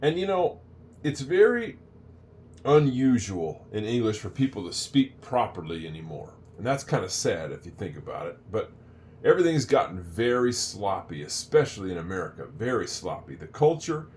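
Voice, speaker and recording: A man's voice: fairly low pitch, big pitch swings, a little mellow, a little hiss or hum. Older man teaching English, rambling. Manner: chatty, rambling, repeats phrases slowly. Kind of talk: casual spoken lesson.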